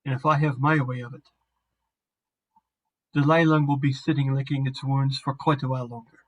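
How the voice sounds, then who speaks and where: A man's voice: mid-range voice, level tone, normal speed, highs cut off, natural voice. Man putting on a sly, eerie stranger. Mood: sinister. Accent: put-on accent. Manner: sly, suddenly blunt. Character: eerie scheming male stranger.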